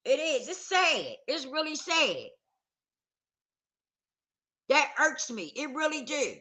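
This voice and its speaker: A woman's voice: high-pitched, very animated, slow, pushed and bright. A woman vlogger talking straight to camera in a casual, emphatic rant, circling back to the same points with heat. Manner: emphatic, repetitive, heated.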